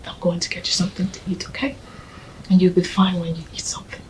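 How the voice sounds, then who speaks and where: An actress as a gentle, coaxing Nigerian girlfriend. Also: medium pitch, a little slow, a little hiss or hum, lightly acted, low-quality recording. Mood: tender. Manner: gentle, coaxing, often whispering. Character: young woman comforting her grieving partner.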